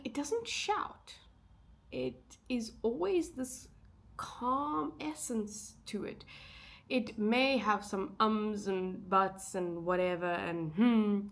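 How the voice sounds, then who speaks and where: A young woman vlogging in a casual, chatty way, thinking aloud with fillers and side remarks. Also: medium pitch. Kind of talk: casual vlog chat.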